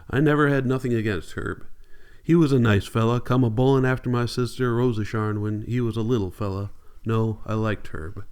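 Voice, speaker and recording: A blunt young parolee, brooding and coarse in his country talk, as a male reader puts him on. The sound is smooth and resonant, at a middle pitch for a man, like a storybook reading. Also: lightly acted. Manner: blunt, coarse rural dialect.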